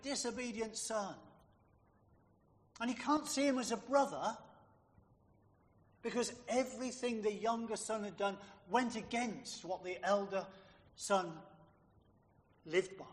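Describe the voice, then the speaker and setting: A man's voice: high voice, fairly bright tone, big-room sound. A man preaching a sermon, emphatic and fond of rhetorical questions put to his listeners.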